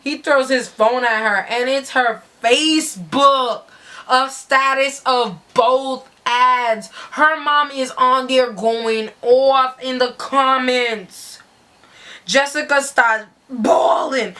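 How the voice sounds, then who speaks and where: Woman telling a wild story slowly. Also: high voice. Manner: animated, slangy, swearing narration. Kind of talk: dramatic story reading.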